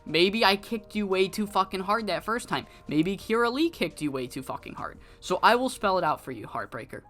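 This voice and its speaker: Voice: medium pitch, expressive, normal speed, fairly bright tone, faint music behind, close to an everyday voice. A narrator voicing a young female wrestler who bluntly and profanely rejects an unwanted admirer. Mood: disgusted. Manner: profane, curt, dismissive.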